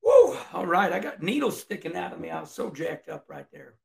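Gravelly, fired-up middle-aged man. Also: fairly high pitch, fairly quick. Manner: animated, emphatic, with loud whoops. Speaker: racing commentator vlogger. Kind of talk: fired-up rant to camera.

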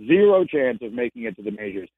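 With a crowd audible behind him, an ex-sports reporter chats as a guest in a casual radio interview, stacking up his points through repetition. He talks fast in a medium-pitched, sing-song voice, heard by phone over a dry, tinny line.

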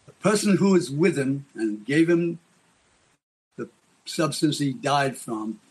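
A man's voice: mid-range voice, expressive, takes it slowly, a little mellow, slightly rough. A man being interviewed as a guest, telling a dramatic, rambling story.

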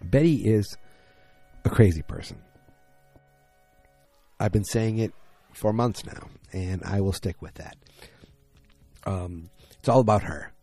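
A man's voice: sits low, slow pace, long pauses, dark tone, husky, no room sound, faint music behind. A tired man recapping a TV episode late at night in a casual, rambling way, full of fillers and restarts.

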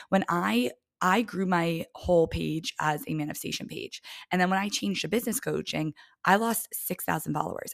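A young woman hosts her own coaching podcast, talking in a chatty, emphatic way. Her voice sits low with a gravelly fry. At times it drops to a soft near-whisper, and the recording is close and dry. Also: no echo. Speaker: business coach, podcast host. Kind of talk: casual solo podcast monologue.

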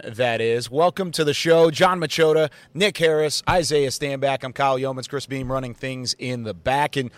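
A man's voice: medium pitch, moderate pace, hardly any pauses, dry recording. A man hosting a live sports podcast from a desk at a training camp, upbeat and laughing often as he steers the chat. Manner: upbeat, laughs often, repeats info for listeners. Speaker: podcast host.

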